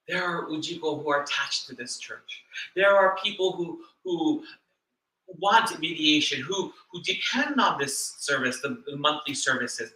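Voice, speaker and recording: A man preaching a sermon as a church minister, earnest and reflective, pausing and repeating words as he speaks. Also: fairly high pitch, animated, bright, forceful tone, roomy sound, poor audio. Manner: earnest, reflective, with pauses and repetitions. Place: church hall.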